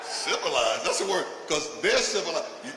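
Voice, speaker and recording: A man's voice: on the high side, lively intonation, moderate pace, recorded from a distance. A man doing a stand-up routine for a live audience, punchy and laughing through his own lines as he jabs at the crowd. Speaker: stand-up comedian. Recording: echoey hall with audience noise.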